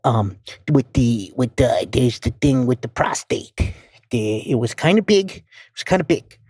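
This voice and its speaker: A man's voice: mid-range voice, expressive, measured pace, darkish tone, husky, dry recording, studio quality. A man voicing a nervous, stammering middle-aged male accountant who leaves a rambling voicemail. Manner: stammering, repeating words, flustered. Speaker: voicemail caller.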